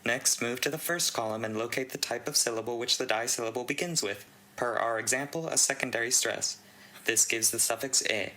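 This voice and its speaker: A man with a bright, forward voice reads a long technical write-up aloud. His delivery is steady and even, with the odd dry aside. He sounds like a host working through a text. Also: mid-range voice, a little fast, poor audio. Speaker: channel host reading a contest entry. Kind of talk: reading a conlang write-up aloud.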